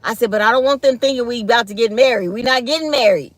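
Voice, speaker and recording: A woman vlogger telling a personal story in a casual, animated way, laughing often and quoting others. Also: a little high, quick pace, dry recording.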